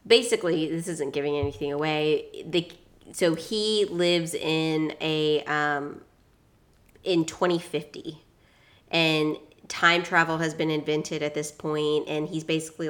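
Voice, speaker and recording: A woman's voice: low voice, a bit bright. A woman co-hosting a podcast, chatting casually and recounting things with lots of fillers. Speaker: podcast co-host. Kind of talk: casual chat.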